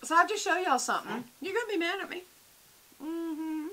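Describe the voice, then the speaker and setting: A woman's voice: extremely high pitch, animated, fairly quick, bright, forceful tone. A woman, chatting casually and rambling to her viewers at home, calling them y'all. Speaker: vlogger. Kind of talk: casual chat to camera.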